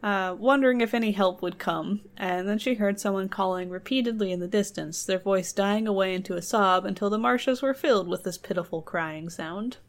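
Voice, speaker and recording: A storyteller host reads a folk tale aloud in a casual way, breaking off into joking asides and letting her thoughts trail off. Her voice sits at a medium pitch, and she moves fairly quickly with few pauses.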